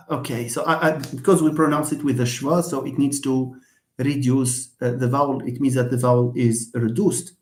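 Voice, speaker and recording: A man's voice: medium pitch, steady tone, moderate pace. Hesitant man teaching English. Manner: hesitant, repeats words, many fillers. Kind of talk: live online lesson. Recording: echoey room.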